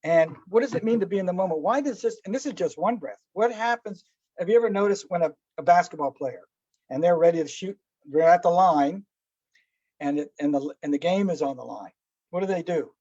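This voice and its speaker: A man with a fairly high voice leads a relaxed lesson on breathing and letting go. He talks conversationally, tosses out rhetorical questions and acts out small stories with quick character voices. The recording is dry and somewhat dull. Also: no echo. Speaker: meditation teacher. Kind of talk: relaxed spoken teaching talk.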